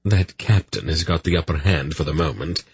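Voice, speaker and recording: A man's voice: a bass voice, expressive, moderate pace, husky, no echo, heavily acted. Man doing a snappish little thief. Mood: curt. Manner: snappish, practical. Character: small, sharp-witted male thief.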